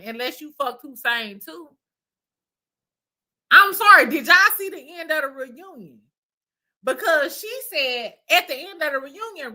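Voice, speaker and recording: Bright, animated woman gossiping profanely. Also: high-pitched. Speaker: host. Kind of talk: casual reality TV recap. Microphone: streaming mic.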